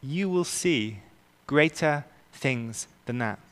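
A man preaching a sermon as pastor, earnest and emphatic, slowing down to stress key words. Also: mid-range voice, lively intonation, fairly bright tone, smooth. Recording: long reverb of a large hall.

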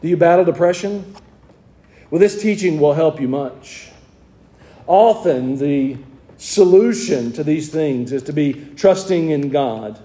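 A man's voice: a little high, dark tone. A man with a Southern US accent preaching a sermon in a conversational way, asking his congregation rhetorical questions. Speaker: pastor.

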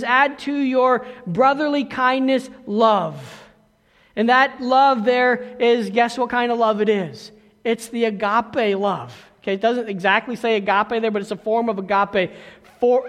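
A man's voice: very high voice, a bit bright. A man preaching a sermon, telling a personal story in a conversational way and often checking in with the congregation. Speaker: pastor. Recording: long hall reverb.

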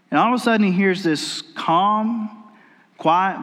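A man preaches a sermon in a folksy, storytelling way, often circling back to restart his sentences. His voice sits high for a man. It rings with the long reverb of a church hall. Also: brisk, fairly bright tone. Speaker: pastor. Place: church sanctuary.

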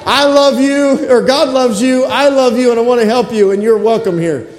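High-voiced pastor preaching in an echoing hall. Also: male voice, a little fast, darkish tone. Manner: preaching with repetition and call-and-response. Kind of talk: sermon. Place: church sanctuary. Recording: roomy echo with long reverb in a hall.

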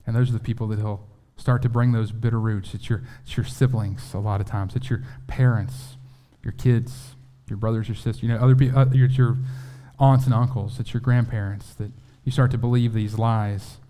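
A man's voice: fairly low pitch, steady tone, moderate pace, mellow. A man preaching a sermon in a conversational way, acting out quotes and often restarting his sentences.

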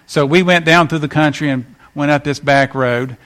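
A man preaches in a folksy, storytelling way. His voice sits a little higher than most men's. He breaks into lively acted-out quotes as he goes. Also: normal speed. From West Virginia. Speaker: pastor. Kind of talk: sermon.

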